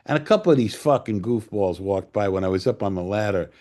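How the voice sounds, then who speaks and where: An older man from New York, a film director telling profane, animated stories in a casual interview and acting out what others said. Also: on the low side, a little fast. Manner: profane, animated anecdotes with acted-out quotes. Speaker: screenwriter and director guest.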